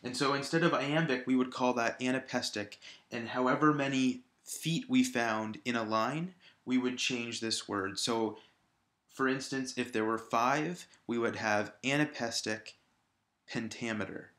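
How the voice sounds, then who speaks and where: A man's voice: mid-range voice, measured pace, a bit bright, reverberant. A male teacher patiently explaining a lesson, repeating examples aloud to stress each syllable. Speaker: high school English teacher. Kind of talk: recorded video lesson.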